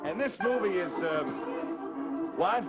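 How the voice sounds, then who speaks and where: A man's voice: high voice, expressive, slow pace, over loud music. A man hosting a live 1950s children's TV show, cheerfully talking with kids in the audience, heard through a dull old broadcast recording with faint hiss. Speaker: children's TV host.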